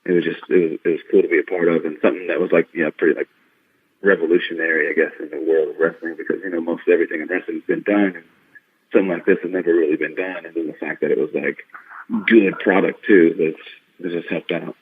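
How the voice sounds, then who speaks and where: A low-voiced man chatting as a podcast guest, his story spilling out in a rambling, excitable stream full of fillers. His voice comes through thin and tinny, as if over a phone line, and it sounds a little husky. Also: fast talker. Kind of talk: casual interview chat.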